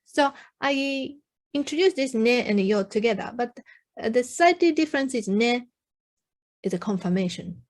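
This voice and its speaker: A woman with a Japanese accent, a native Japanese speaker, tutoring beginners. She explains slowly in simple English with many ums and says phrases for learners to repeat. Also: a little high, expressive. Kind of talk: online language lesson.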